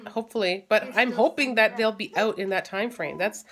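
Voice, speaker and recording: A woman in her thirties, a mother chatting casually at home for her family vlog, teasing and quick to laugh. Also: medium pitch, crowd noise.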